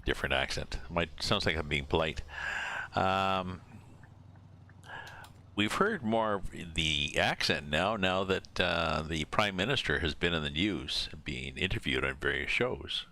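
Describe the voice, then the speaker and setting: A man's voice: deep voice, animated, unhurried, sharp tone, slight background noise. A man streaming a truck driving game, chatting casually and musing aloud as he reads out viewer names from a desk mic. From Canada. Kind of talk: casual live-stream chat while driving a truck sim.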